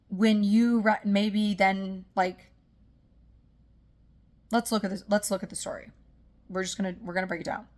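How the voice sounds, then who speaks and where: A woman giving a casual motivational coaching talk on emotional healing, peppering her speech with "like" and "right?" as she gently guides the listener. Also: on the low side. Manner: soothing, guiding the listener.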